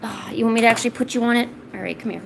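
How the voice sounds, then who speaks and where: A woman streaming a painting session from home, chatting casually and rambling with lots of restarts, often cooing softly to her cat. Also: on the high side, steady tone, racing, gravelly, noisy background. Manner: rambling, self-interrupting, soft baby talk to her cat. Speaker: art streamer. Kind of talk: casual chat while painting. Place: home, indoors.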